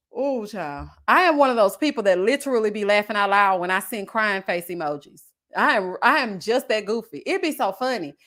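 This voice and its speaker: A woman's voice: medium pitch, a bit bright. A woman hosting a casual live-stream commentary, reading chat comments in a sassy voice and laughing often. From Texas. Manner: sassy, laughs often, puts on voices when quoting people.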